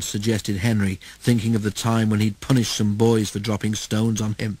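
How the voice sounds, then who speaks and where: A man reading a children's train storybook aloud in an expressive way. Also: on the low side, moderate pace, slightly rough, rough recording.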